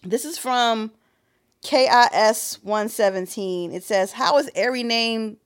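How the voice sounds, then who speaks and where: A woman's voice: fairly high pitch, takes it slowly. A woman co-hosting a casual podcast, chatty and laughing often. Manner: animated, laughing, reads listener review aloud. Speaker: podcast co-host.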